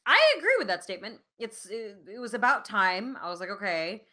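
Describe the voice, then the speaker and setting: A woman co-hosting a podcast in casual chat, animated, with lots of fillers and swearing. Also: fairly high pitch, fast, noisy background. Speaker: podcast co-host.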